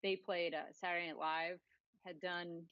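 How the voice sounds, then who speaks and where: A woman's voice: fairly low pitch, flat delivery, moderate pace, a bit bright, no room sound, lo-fi sound. A woman co-hosting a podcast, telling rambling, sarcastic stories in casual political chat. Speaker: podcast co-host.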